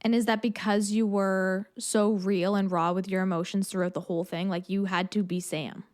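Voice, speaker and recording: A woman host keeps a casual interview going, encouraging and laughing along with her guest. Her voice sits at an ordinary middle pitch. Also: flat delivery, moderate pace, a little mellow. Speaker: podcast host.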